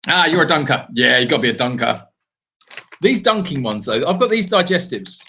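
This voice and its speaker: A man's voice: fairly high pitch, lively intonation, fairly quick, pushed and bright, a little hiss or hum. A man co-hosting a live stream from an animal sanctuary, telling rambling stories in a casual chat. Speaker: sanctuary co-host.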